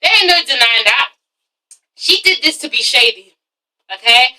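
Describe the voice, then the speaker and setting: A woman's voice: high-pitched, animated, moderate pace, bright, forceful tone, distant mic, poor audio. A nineteen-year-old woman with an English accent ranting through a casual TV review, sassy and profane, often tacking "okay?" onto her points. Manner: sassy, swears a lot, keeps asking "okay?". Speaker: vlogger reviewing reality TV.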